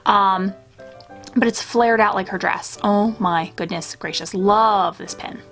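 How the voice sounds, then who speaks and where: A woman's voice: medium pitch, measured pace, a bit bright, soft background music. A young adult woman chatting enthusiastically in a casual show-and-tell vlog, gushing over items from her collection. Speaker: pin collecting YouTuber.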